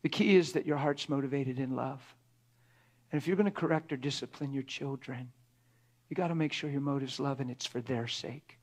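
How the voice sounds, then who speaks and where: Husky-voiced man preaching conversationally. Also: mid-range voice, fairly quick. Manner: earnest, acts out dialogue between spouses; rhetorical questions to the audience. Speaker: pastor. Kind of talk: conversational sermon.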